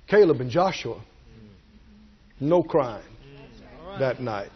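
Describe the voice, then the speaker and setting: A man preaching a sermon, animated and folksy, swinging from low asides to shouted peaks. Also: a little slow, long pauses, muffled recording. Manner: folksy, jokes with the congregation.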